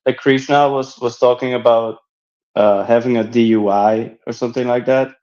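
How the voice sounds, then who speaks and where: A man in casual chat on a live audio space, earnest and reassuring, halting with many fillers. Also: medium pitch, steady tone, darkish tone. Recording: slightly dull lo-fi audio.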